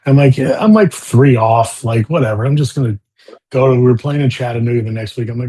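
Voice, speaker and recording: A man in an interview telling animated stories about his golf career, with lots of fillers. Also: medium pitch, quick pace, slightly rough. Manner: animated storytelling with many fillers. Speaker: golfer guest. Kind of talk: storytelling interview talk.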